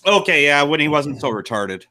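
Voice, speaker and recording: A man's voice: on the high side, sing-song, normal speed, sharp tone. A man co-hosting a casual podcast chat who reacts with disbelief and cracks jokes. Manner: incredulous, jokey.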